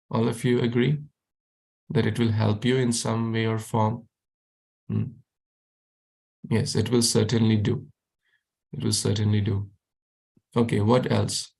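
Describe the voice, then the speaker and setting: A man's voice: medium pitch, gravelly, darkish tone. A man teaching a youth class over a video call, encouraging students and repeating his questions.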